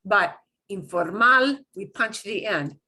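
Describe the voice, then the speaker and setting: A woman's voice: medium pitch, expressive, slow pace, sharp tone. A woman teaching a beginners' Spanish class, patiently drilling pronunciation and having students repeat words. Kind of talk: online class lesson.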